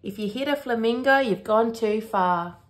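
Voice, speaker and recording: A helpful male shop worker who rattles off directions briskly, as a woman reading aloud plays him. A quick cameo in a children's storybook. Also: on the high side, natural voice.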